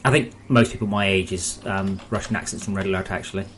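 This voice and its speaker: A man's voice: deep voice, steady tone, fast talker, slight background noise. A young man casually chatting on a live stream, muttering and rambling his thoughts aloud from home at a desk microphone. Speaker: game developer streaming his work.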